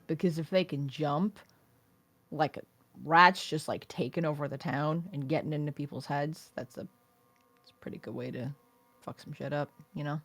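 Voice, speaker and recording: A woman playing a tabletop game, cheering loudly, swearing casually and filling her talk with "like.". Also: deep voice, normal speed. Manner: loud excited cheers, casual swearing, many "like" fillers. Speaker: player.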